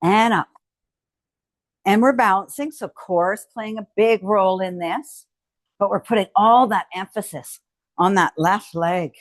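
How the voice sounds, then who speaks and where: A woman leads a home strength workout in a medium-pitched voice at a measured pace, with no echo. She cues each move and encourages the viewer with frequent cheers.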